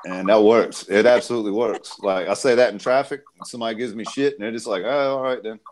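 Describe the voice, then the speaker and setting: A man's voice: lowish voice, fast, a crowd in the background. A man chatting casually on a group stream, swearing freely and telling stories with energy. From United States. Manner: crude, swears freely, animated storytelling.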